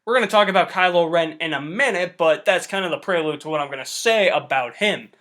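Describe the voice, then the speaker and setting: A young man giving a casual, excited film review, chatty and swearing loosely. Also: a little high, brisk. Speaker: movie reviewer.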